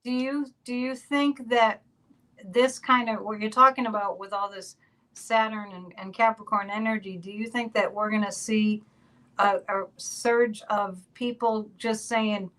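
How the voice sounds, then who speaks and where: A woman's voice: medium pitch, fairly even intonation, a little slow, fairly bright tone, poor audio. A woman hosting a casual spiritual podcast, chatty and laughing between remarks. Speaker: psychic podcast host.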